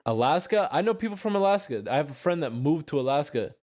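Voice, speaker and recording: A young Californian man with a Californian accent chats casually with friends in a group chat, his voice on the high side, darkish in tone, with lively intonation. He rambles, swears, and draws out his phrases.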